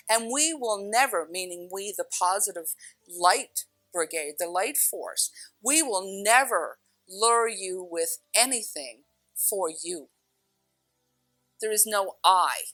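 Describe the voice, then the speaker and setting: Middle-aged woman, storytelling talk, animated, bright tone, dry close sound, faint music behind. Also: mid-range voice, slow pace, dry recording, poor audio. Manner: animated, acts out voices in her story, laughs often. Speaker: spiritual speaker.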